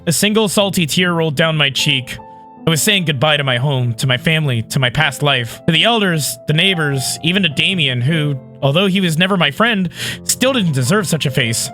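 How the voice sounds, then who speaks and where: A man reading a visual novel aloud, breaking off into excited, yelling reactions. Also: on the high side, moderate pace, faint music behind. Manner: excitable, shrieks and yells reactions.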